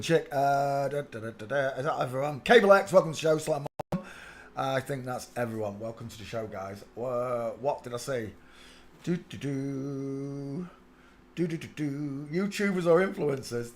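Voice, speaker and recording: A Northern English man hosts a relaxed livestream, chatting easily with viewers. He hums and mutters to himself between remarks, at a mid pitch. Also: slight background noise. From England. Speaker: livestream host. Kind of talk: casual livestream chat.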